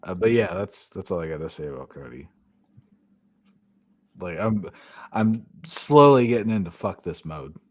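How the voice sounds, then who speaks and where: A man's voice: sits low, lively intonation, moderate pace, pauses often. A man co-hosting a podcast in casual chat, blunt and profane and laughing often. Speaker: podcast co-host.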